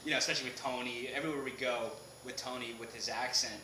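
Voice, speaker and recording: A man being interviewed as an actor on a film set, animated, laughing often and restarting sentences. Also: medium pitch, fast. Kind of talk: casual interview chat. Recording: echoey noisy room.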